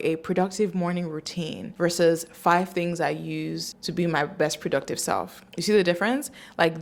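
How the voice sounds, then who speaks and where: A woman in her twenties talks casually straight to camera as a vlogger, chatty and loose, with "like" scattered through her sentences. Her voice sits a little low and carries a gravelly fry. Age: 20s. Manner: chatty, peppered with "like". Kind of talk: casual talking-head vlog.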